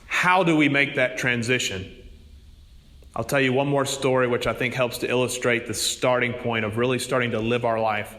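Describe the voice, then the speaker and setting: A man's voice: medium pitch, steady tone, moderate pace, a bit bright, long reverb tail. A man preaching a sermon, telling stories in an earnest manner. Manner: storytelling, earnest.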